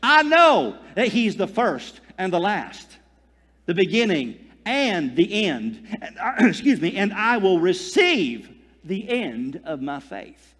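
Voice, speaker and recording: A man's voice: sits high, big pitch swings, slow, fairly bright tone. A man preaching a fervent sermon as pastor, repeating phrases and calling for amens. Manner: fervent preaching, dwells on phrases and calls for amen. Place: church. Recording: long hall reverb.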